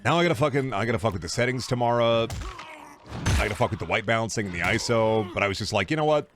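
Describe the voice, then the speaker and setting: A man streaming a game, chatting casually with viewers in animated, profane bursts. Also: lowish voice, quick pace, background noise. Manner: animated, swearing, mock-scolding outbursts. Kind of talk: casual gameplay commentary.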